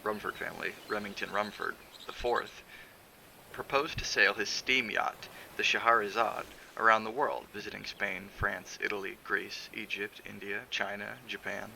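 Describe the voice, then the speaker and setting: A man reading a novel aloud on a stream, in a measured, steady narration with the odd filler. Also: lowish voice, gravelly, a little hiss or hum, poor audio. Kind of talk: audiobook narration.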